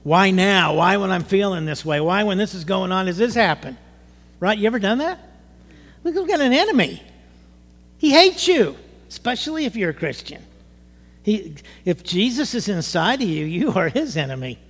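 A middle-aged man preaching a sermon to his church, animated, rising to emphatic bursts. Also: high-pitched, normal speed. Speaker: pastor. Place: church sanctuary. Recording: long hall reverb.

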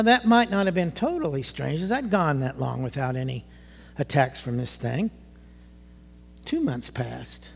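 Older male pastor in his sixties, high voice, conversational testimony-style sermon in a reverberant church sanctuary. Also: vocal fry, a bit bright. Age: 60s. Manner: conversational, rising to emotional outbursts, asks the congregation questions. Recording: long hall reverb.

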